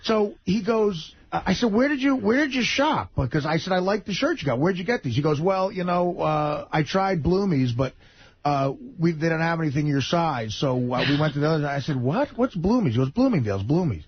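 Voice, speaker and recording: A man telling comic stories on a radio talk show, his voice jumping up when excited. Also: fairly high pitch, a little fast, slightly rough. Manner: animated comic storyteller, voice jumps up when excited. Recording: dull lo-fi radio broadcast sound.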